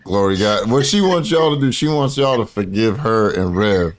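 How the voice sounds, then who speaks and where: Crude, joking male streamer, lively voice. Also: mid-range voice, normal speed, crowd noise. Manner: crude, joking, laughs often. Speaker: streamer reacting to a video. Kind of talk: casual live-stream commentary.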